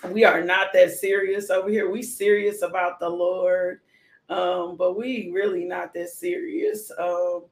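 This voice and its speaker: A woman's voice: on the low side, flat delivery, measured pace. Playful woman devotional host, live-stream chat, echoey room, laughs a lot. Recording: roomy echo.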